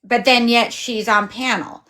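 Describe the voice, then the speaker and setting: A woman joins a live stream panel for casual commentary. Her voice sits a little high. She talks emphatically and sometimes imitates how others sound. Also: fairly even intonation, measured pace, sharp tone. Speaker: panel guest.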